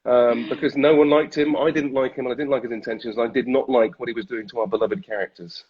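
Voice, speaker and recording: British male actor guest, husky, self-mocking, muffled call audio. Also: mid-range voice, fairly even intonation. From Britain. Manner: self-deprecating, laughs often, halting restarts. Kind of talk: casual interview chat.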